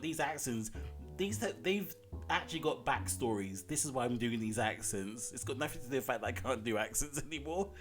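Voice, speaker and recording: A man streaming a video game, giggling and reading the dialogue aloud in jokey put-on accents. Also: medium pitch. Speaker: gameplay streamer. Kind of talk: playful game playthrough with voice acting.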